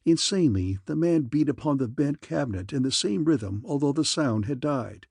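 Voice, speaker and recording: A man with a slightly husky, mid-pitched voice narrates an audiobook in a steady, measured way. The recording is dry and close, with no room sound. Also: dry recording.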